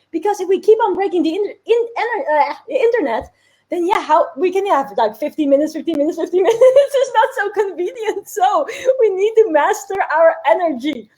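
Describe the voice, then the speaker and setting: Bubbly lady host on a livestream, high voice, hyped motivational chat, keeps telling folks to comment. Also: a little mellow, rough recording. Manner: bubbly and upbeat, laughs often, urges viewers to comment. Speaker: host of an online business challenge.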